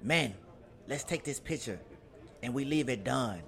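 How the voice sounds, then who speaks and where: A man's voice: fairly low pitch, a little fast, close to an everyday voice. A man voicing a cheerful, boisterous sea captain who calls out orders to his crew, with crowd noise behind. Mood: rousing. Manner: hearty and commanding, yells orders.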